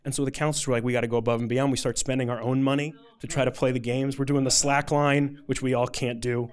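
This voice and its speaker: A man's voice: medium pitch, flat delivery, quick pace, smooth. A man telling a personal story on stage in a casual, chatty way, full of "like" fillers.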